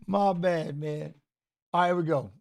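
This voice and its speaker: A middle-aged man with a fairly high voice chats loosely over a live fight stream. He laughs a lot and trips over his words, then switches to quick, excited coaching calls like a corner man. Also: creaky. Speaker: watch-along host, former fighter. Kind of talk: casual live watch-along chat and fight commentary.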